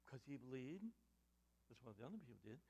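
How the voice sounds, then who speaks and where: A man preaching a sermon, firing rhetorical questions and swinging between loud emphatic lines and hushed ones. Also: medium pitch, lively intonation, fast, husky.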